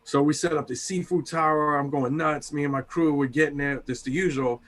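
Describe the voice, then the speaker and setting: A man's voice: on the high side, fairly even intonation, brisk, fairly bright tone. A man, a chef co-hosting a podcast, telling work stories in a casual, profane way and acting out what people said. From Tampa area, United States. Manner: storytelling, swears freely, acts out quotes.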